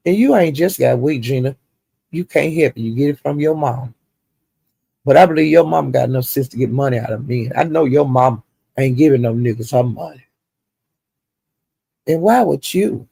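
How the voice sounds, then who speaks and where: A man's voice: medium pitch, moderate pace, gravelly, long pauses, husky, no room sound. A man hosting a livestream, retelling drama in casual, profane, drawling gossip commentary. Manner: animated, profane, drawling storytelling. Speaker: livestream host.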